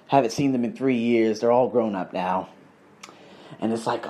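A man telling stories on his solo podcast, animated, ranting and swearing freely. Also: medium pitch, normal speed, long pauses, a little hiss or hum. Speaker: podcast host. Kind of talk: casual solo storytelling.

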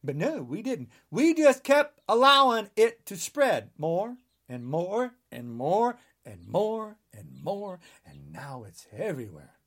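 A man's voice: high voice, wildly swooping pitch, slow, hardly any pauses, a bit bright. A man in his sixties delivering a heated, rambling podcast monologue, emphatic and full of restarts. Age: 60s. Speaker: podcast guest.

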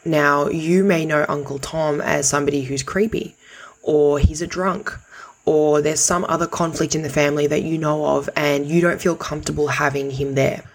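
A woman with a low, husky voice talks through practical advice like a coach. She is direct and conversational, with the odd casual swear word thrown in. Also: fairly even intonation, normal speed. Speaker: podcast host.

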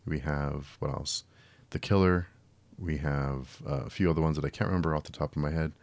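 A man's voice: very deep voice, fairly even intonation, a little fast, no room sound. A man hosting a solo film review podcast, talking casually with frequent restarts and an exasperated tone. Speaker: podcast host.

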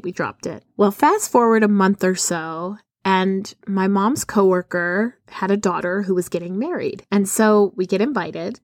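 A woman's voice: mid-range voice, no echo. Chatty woman podcaster, dry close sound. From Arizona, USA. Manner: chatty, laughs often between sentences. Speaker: podcast host. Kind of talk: personal storytelling monologue.

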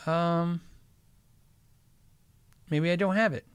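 In a dry recording with a clean tone, a man with a somewhat high voice and fairly even intonation speaks slowly while hosting a guitar gear livestream. He rambles chattily through live chat questions, joking, interrupting himself, and getting sidetracked often.

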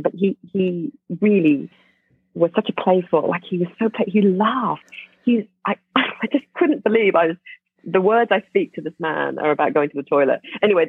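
Animated woman telling a story over a phone line. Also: medium pitch, husky, no echo. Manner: animated, laughing, many restarts. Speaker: podcast guest. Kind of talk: casual storytelling.

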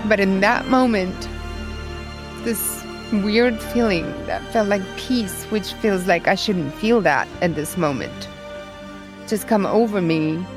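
A woman's voice: medium pitch, slow, over music. A woman from Ukraine, a guest in an interview, telling her faith story in an earnest, emotional way with many repetitions. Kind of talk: personal testimony in a podcast interview.

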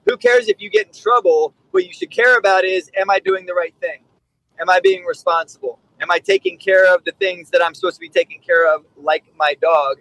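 High-voiced blunt man, dry sound. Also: expressive, brisk, a bit bright, dry recording, low-quality recording. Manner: candid, blunt, acts out quotes. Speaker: podcast guest, dog trainer. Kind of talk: casual storytelling.

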